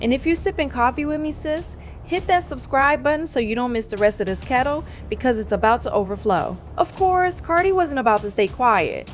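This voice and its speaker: A woman narrates celebrity gossip in a dramatic, slangy, sassy voice that sits slightly high. Faint background music runs under the scripted delivery. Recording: faint music bed behind voice.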